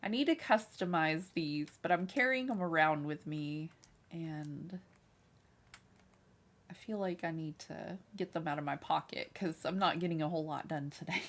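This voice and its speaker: A woman chatting casually on a live game stream from her room, soft-spoken and giggly, gushing over cute things. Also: deep voice, moderate pace. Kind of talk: casual livestream chat while playing. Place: her own room, small fan running beside her.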